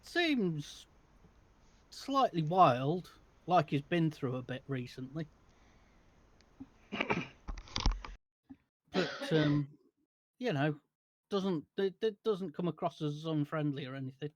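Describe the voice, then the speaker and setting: A male game master narrates a tabletop game, feeling his way through descriptions with frequent hesitations and restarts. His voice is fairly high and his delivery very slow. The recording is dry and close. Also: animated, no room sound. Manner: halting, many fillers and restarts.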